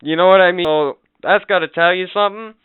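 A relaxed man tells a rambling story on a podcast, swearing casually as he goes. His voice is smooth and a little raised in pitch. The sound is thin and phone-like, with no room echo at all. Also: fast talker. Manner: laid-back, swearing, rambling anecdotes. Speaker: podcast co-host. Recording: dry, phone-like narrow sound.

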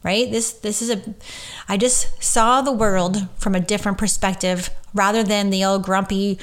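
A woman's voice: medium pitch, steady tone, moderate pace. A woman who works as a medium, hosting a casual solo podcast and talking in a gushing, rambling way full of fillers.

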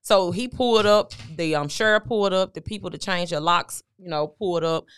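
A woman's voice: lowish voice, brisk, smooth, no echo, studio quality. A middle-aged woman, a guest on an interview show, candidly recounting a personal story and quoting what people said. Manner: conversational, recounting with quoted dialogue. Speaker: guest, motivational speaker.

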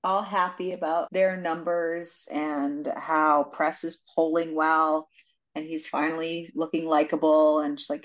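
A woman's voice: low-pitched, level tone, measured pace, muffled recording. Swearing young woman retelling a plot. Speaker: podcast co-host. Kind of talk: casual book club chat.

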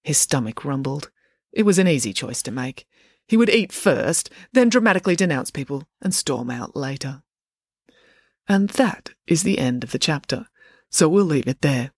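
A woman's voice: low-pitched, animated, moderate pace, dry recording, studio quality. Woman reading a children's story aloud. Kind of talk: storybook read-aloud narration.

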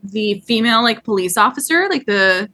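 A woman comedian chatting as a podcast guest, enthusiastic and quick to laugh, with lots of "like" fillers. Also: medium pitch, lively intonation, bright, forceful tone. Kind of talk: casual podcast chat.

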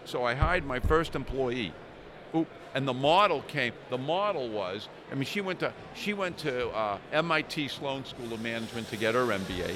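A man's voice: mid-range voice, expressive, moderate pace, noisy background. A man in his sixties, a small business owner, chatting casually and telling anecdotes, swearing now and then. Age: 60s. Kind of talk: casual storytelling chat. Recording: outdoor crowd chatter behind.

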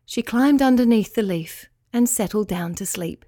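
A woman narrating a children's bedtime story in a soft, gentle, expressive way. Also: fairly high pitch, moderate pace, dry recording, clean studio sound.

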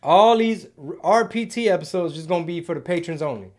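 Dude hosting a stream, slangy and rambly, kinda high voice. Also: male voice, lively intonation, a little fast, darkish tone. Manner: laid-back slangy rambling, mixes in Spanish. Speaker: podcast host reading live chat. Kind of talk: casual livestream chat.

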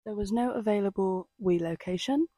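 A woman's voice: mid-range voice, moderate pace, warm tone, dry recording. A woman hosting a casual podcast, rambling in an easygoing way with plenty of "like" fillers. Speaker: podcast host. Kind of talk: casual chat. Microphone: podcast mic.

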